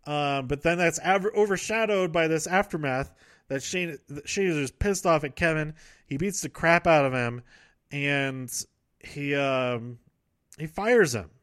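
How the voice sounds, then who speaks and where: A man's voice: on the high side, unhurried, fairly bright tone, dry recording, clean studio sound. A man casually recapping wrestling events, rambling, correcting himself and laughing often.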